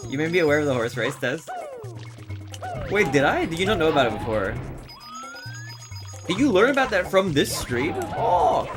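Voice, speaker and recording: A man's voice: fairly high pitch, big pitch swings, normal speed, pauses often. A young man chatting casually on a live stream, rambling and often laughing as he talks. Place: his bedroom, on camera. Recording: game music playing behind.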